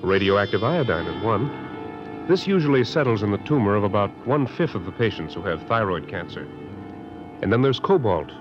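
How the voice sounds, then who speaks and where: Low-voiced formal lab scientist. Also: male voice, very animated, fairly quick. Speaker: lab scientist explaining equipment. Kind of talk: 1950s educational film explanation. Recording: dull lo-fi old film soundtrack with music.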